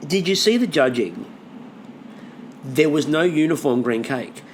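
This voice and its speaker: A man co-hosts a casual podcast chat and swears freely as he goes. His pitch swings widely from line to line. A faint hiss sits under the recording. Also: measured pace. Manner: animated, swears freely, lists things off. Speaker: podcast co-host.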